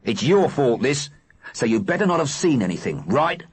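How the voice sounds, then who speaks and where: A man doing a menacing, husky thug. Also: mid-range voice, big pitch swings, moderate pace, voice pushed up. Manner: threatening. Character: menacing adult male thug.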